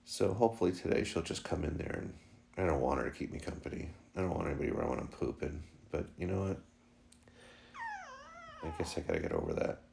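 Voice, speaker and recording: A man's voice: a bass voice, sing-song, fast, gravelly, a little mellow. A man vlogging casually at home about his new puppy, joking and slipping into fond baby talk with her. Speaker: vlogger and dog owner.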